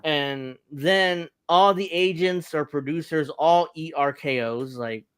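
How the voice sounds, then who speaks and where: Smooth-voiced man recapping wrestling. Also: on the high side, slow, fairly bright tone, no room sound. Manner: rambling recap with chuckles. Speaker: podcast host. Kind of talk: casual wrestling review chat.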